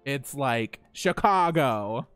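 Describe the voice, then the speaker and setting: A man streams live from home, chatting casually with viewers while he plays, lively and profane and quick to laugh. His mid-range voice is slow and clean-toned, with faint music behind him.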